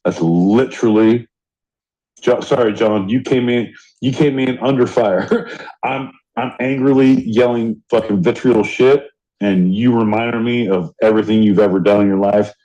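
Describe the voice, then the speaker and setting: A man's voice: on the low side, normal speed, dark tone. Profane ranting man, dull lo-fi sound. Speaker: podcast co-host. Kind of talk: casual podcast chat. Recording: dull lo-fi audio.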